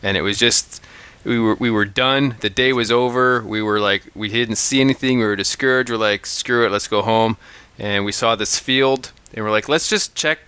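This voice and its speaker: Co-host, male, bright and clear, dry close mic, energetic storyteller. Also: on the low side, moderate pace, no room sound. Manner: animated, restarts often, acts out calls. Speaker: podcast co-host. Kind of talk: casual storytelling chat.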